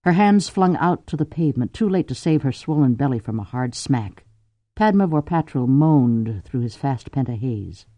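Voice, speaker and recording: Man, audiobook narration, mellow tone, dry close mic. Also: medium pitch, animated, moderate pace, no echo. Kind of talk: scripted narration.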